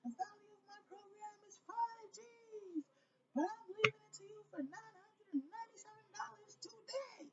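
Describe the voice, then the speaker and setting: A woman putting on a slick female sales coach who pitches in a slow, exaggerated, high-pitched voice. The sound is slightly dull and lo-fi. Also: far from the mic, very noisy. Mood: mocking pitch.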